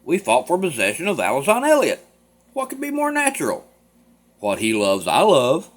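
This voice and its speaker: A wild, boastful young man , as a man reading a play puts him on who declaims loudly with big, lively swings in pitch. He sounds excitable and full of himself. It is a stage-play reading. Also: moderate pace. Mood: grandiose. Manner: loud, grandiose declamation.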